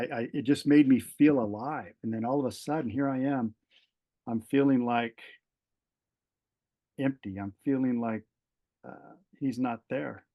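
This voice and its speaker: Middle-aged retired fire captain as podcast guest, earnest and halting, retells events with repeated starts. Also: male voice, medium pitch, dark tone. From Southern California. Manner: earnest, halting, repeats words as he gathers thoughts. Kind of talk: personal storytelling in an interview.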